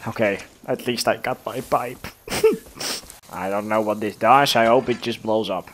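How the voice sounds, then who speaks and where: A man giving casual, excitable gameplay commentary, swearing and laughing often. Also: fairly low pitch, unhurried, faint music behind. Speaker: let's play gamer.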